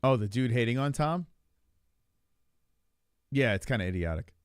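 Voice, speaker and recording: An animated podcast co-host chats casually about fights, swearing as he goes. His medium-pitched voice moves at a normal speed with a clean tone, captured in clean studio sound with no room noise.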